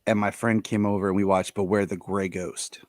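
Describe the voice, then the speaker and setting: A man's voice: sits low, flat delivery, brisk, darkish tone, no room sound, clean studio sound. A man chatting casually as a guest, rambling with lots of fillers. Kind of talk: casual chat.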